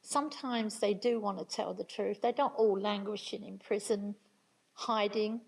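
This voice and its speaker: Older woman, mid-pitched, earnest and reflective, sharing her story with a room. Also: steady tone, normal speed, gravelly, breathy edge, low-quality recording. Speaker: speaker at a talk on restorative justice. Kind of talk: storytelling talk to an audience.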